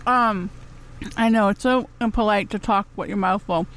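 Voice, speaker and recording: A woman's voice: mid-range voice, normal speed, a bit bright. A woman host, chatting casually on live radio, rambling and cheeky, laughing often between phrases.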